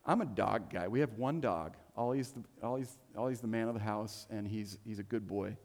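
A man's voice: fairly low pitch, normal speed, darkish tone. A middle-aged man preaching a sermon, telling a story with humor and often repeating words as he goes. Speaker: pastor. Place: church hall. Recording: long hall reverb.

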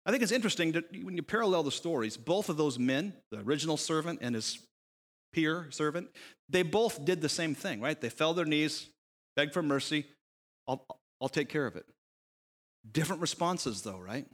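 A man's voice: fairly high pitch, brisk. A man preaching a sermon, telling a parable with rhetorical questions and acting out the characters' lines. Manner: animated storytelling, voicing characters in quotes, rhetorical questions. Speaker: pastor. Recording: long reverb of a hall.

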